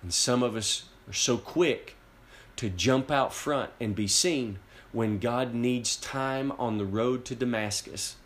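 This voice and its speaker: A man delivering a sermon in a steady, mid-pitched voice. He preaches with earnest emphasis, repeating words and restarting phrases as he presses his point. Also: slow, slight background noise. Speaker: pastor.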